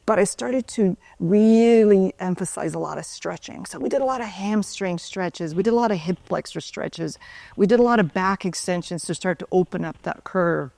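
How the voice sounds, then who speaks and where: A woman's voice: mid-range voice, moderate pace, creaky, a little mellow, dry recording. A woman speaker, once a yoga and Pilates teacher, telling stories in a loose conversational way and often asking "right?". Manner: conversational, tags sentences with "right?". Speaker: conference speaker, former yoga and Pilates instructor. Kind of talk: storytelling talk.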